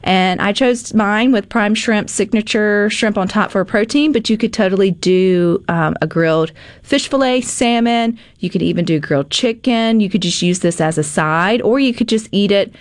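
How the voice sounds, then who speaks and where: A woman hosting a casual cooking segment, chatty and animated, with frequent filler words. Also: mid-range voice, normal speed, no room sound. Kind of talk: casual cooking demo chat.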